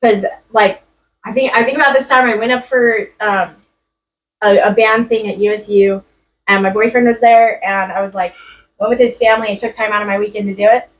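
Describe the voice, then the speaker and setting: A woman's voice: medium pitch, steady tone, brisk, reverberant, far from the mic, rough recording. A young woman in a class, telling a personal story in a chatty way with many fillers and laughs. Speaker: student sharing a story.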